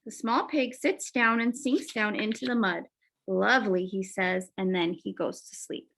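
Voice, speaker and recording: A woman teacher reading a children's picture book aloud, expressive, adding little asides to young listeners. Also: mid-range voice, moderate pace, gravelly. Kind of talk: children's storybook read-aloud.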